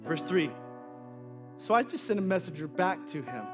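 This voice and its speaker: A man's voice: high-pitched, big pitch swings, moderate pace, music in the background. A man preaching a sermon as pastor, in an emphatic, repetitive, exhorting way.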